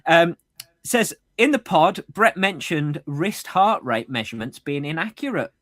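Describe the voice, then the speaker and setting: A man's voice: fairly high pitch, expressive, measured pace, a bit bright, dry recording, clean studio sound. A man co-hosting a podcast in casual chat, reading out listener messages and laughing often. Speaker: podcast co-host.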